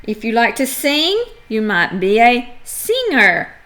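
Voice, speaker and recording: A middle-aged woman teaching a phonics lesson to young children, sounding out letters and words clearly and acting out examples with playful energy. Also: a little high, slow. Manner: animated and playful, acts out examples.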